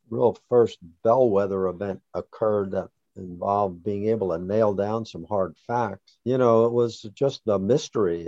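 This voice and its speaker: A man being interviewed, recounting a personal story about his son in a halting way with restarts. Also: on the low side, creaky, dark tone, no room sound, dull audio. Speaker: interview guest, father.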